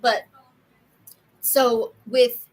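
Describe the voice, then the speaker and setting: A woman in her thirties co-hosting a podcast in casual chat, an animated storyteller who acts out other people's voices. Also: a little high, extremely slow, poor audio. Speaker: podcast co-host.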